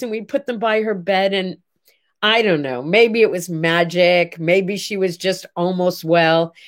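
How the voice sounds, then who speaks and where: Older lady chatting away, telling a story, lots of ups and downs in her voice. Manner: chatty, animated, voices quoted people with pitch swings. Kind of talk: casual storytelling monologue.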